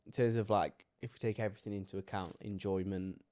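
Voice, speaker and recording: This is a young man with a very low voice, chatting easily on a podcast. He agrees readily and lets his sentences trail off. His delivery is loose and unscripted. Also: steady tone, fast talker, mellow. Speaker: podcast co-host. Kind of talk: casual gym chat.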